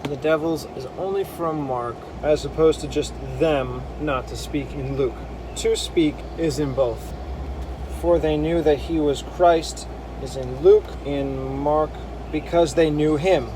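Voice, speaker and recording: A Bible harmony editor with a slightly high voice talks a little slowly, with background noise in the recording. He thinks aloud while combining verses, reading them out and musing as he corrects himself.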